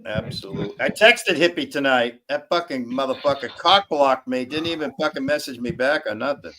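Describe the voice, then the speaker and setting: A man's voice: medium pitch, brisk, sharp tone, slight background noise. A man hosting a crude, casual live stream, teasing and rambling with profanity. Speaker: stream host.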